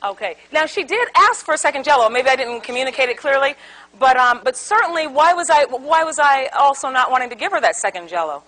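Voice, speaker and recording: Woman seminar speaker, high and very expressive, animated storyteller who works the room with questions. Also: fast talker, rough recording. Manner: animated storyteller, acts out quotes, asks audience questions. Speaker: conflict resolution speaker. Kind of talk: interactive seminar talk. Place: seminar room with live audience.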